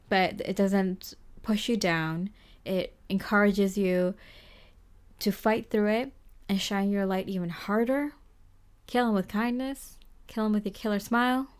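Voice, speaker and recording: A woman giving a tarot reading to the viewer, gentle and reassuring, rambling with lots of fillers. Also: mid-range voice, clean tone. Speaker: tarot reader. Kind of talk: casual spoken tarot reading.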